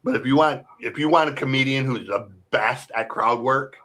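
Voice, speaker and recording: A man talks in a bright, forward voice, rambling enthusiastically. He leans on slang and swearing in a loose, casual podcast way. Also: medium pitch, normal speed, rough recording.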